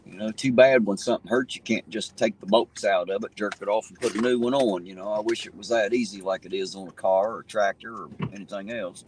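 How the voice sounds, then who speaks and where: A man's voice: fairly low pitch, steady tone, fast talker, few pauses. A man with a southern Ohio hillbilly accent, chatting casually on a live stream while driving at night, folksy and easygoing with casual swearing. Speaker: livestream host. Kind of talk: casual live-stream chat, reading viewer comments. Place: in a car driving around town at night. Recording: distant mic with loud car noise. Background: car and road noise.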